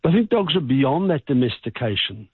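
A man's voice: mid-range voice, big pitch swings, brisk, breathy edge, no echo. A male vet, explaining earnestly and emphatically over the phone. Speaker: vet expert guest. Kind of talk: phone interview. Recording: tinny phone line.

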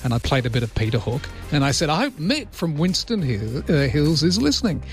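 An Australian radio host on the early-morning show jokes in a self-deprecating way about listener texts and reads out the newspaper front pages. His voice is on the high side, sing-song and brisk. He's on a close mic in the studio with faint music behind him.

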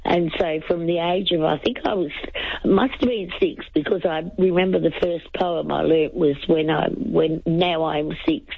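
A woman's voice: sits low, steady tone, normal speed, creaky, breathy edge, dry recording, highs cut off. A woman in her seventies calling a radio show, speaking with an elocution-trained Australian accent, chatty and hesitant. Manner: chatty, hesitant with many ums. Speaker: radio caller. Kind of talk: casual phone-in chat.

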